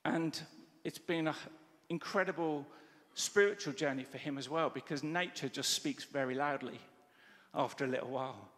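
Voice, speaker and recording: Animated preacher in a reverberant church hall. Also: male voice, on the high side, moderate pace. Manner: animated storytelling with quoted dialogue. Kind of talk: sermon.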